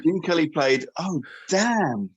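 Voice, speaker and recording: A man in casual podcast chat, animated and easily sidetracked, joking and swearing casually. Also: a little high, takes it slowly, breathy edge, highs cut off.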